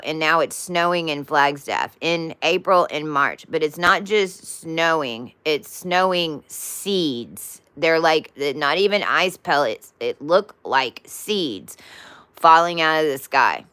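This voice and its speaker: A woman's voice: deep voice, a little slow, a bit bright, clear, resonant tone, dry recording. A woman telling a spiritual story in a casual, rambling way with many restarts and asides. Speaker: spiritual vlogger.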